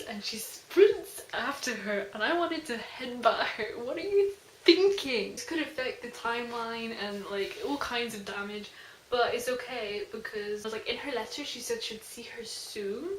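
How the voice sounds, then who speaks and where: A young woman chatting casually about a book she read, gushing and animated, with lots of "like" between her thoughts. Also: on the high side. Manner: gushing, fast and animated, heavy use of "like". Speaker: book reviewer. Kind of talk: casual book review chat. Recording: echoey room with faint noise.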